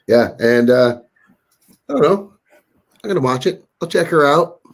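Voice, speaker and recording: A man's voice: a little high, animated, normal speed, gravelly. A man co-hosting a casual movie review chat, joking and laughing often. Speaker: host.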